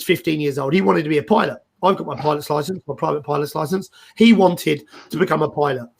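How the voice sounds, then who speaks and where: Middle-aged male host, gravelly, chatty and rambling. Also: a little high. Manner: animated, rambling, repeats words as he goes. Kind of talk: casual career advice chat.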